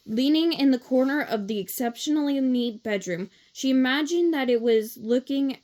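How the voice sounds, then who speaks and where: A woman reads a children's novel aloud for a read-along, her voice sitting fairly high. She keeps a steady pace, now and then tripping over a word and correcting herself before carrying on. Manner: steady reading with small slips and self-corrections.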